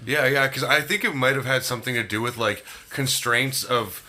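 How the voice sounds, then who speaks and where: A man's voice: medium pitch, moderate pace, pushed and bright. A man co-hosting a podcast in casual chat, rambling and laughing often. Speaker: podcast co-host.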